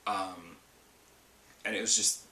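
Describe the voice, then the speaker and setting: A man's voice: low-pitched, fairly even intonation, slow, bright, forceful tone, echoey room, far from the mic, a little hiss or hum. A man hosting a casual solo gaming podcast, chatty and rambling with lots of ums and asides. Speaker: podcast host.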